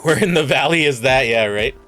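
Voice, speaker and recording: A man's voice: mid-range voice, animated, fairly quick, pushed and bright. Californian male streamer, chatty and self-deprecating, faint music behind. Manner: rambling, self-mocking, laughs a lot. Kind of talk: casual storytelling on stream.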